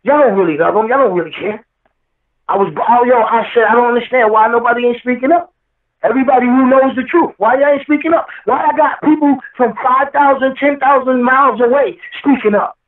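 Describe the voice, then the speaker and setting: A man's voice: extremely high pitch, brisk. A man giving a heated, preachy interview, quoting scripture and repeating himself for emphasis. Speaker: rapper guest. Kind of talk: impassioned interview talk. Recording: echoey, distant phone line.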